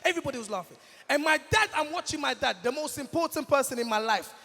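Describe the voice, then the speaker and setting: Young male comedian from Congo, gravelly high voice, stage host in a reverberant hall. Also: fast talker. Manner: animated, addresses the crowd directly. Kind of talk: stand-up storytelling at a live event. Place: large event hall, on stage.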